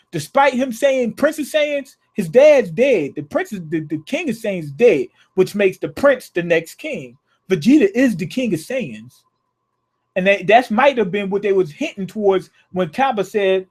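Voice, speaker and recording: A male anime reviewer with a high voice for a man, talking in a loose, slangy ramble. He often circles back and restarts his thoughts. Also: expressive, moderate pace, a little mellow. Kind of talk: casual video review.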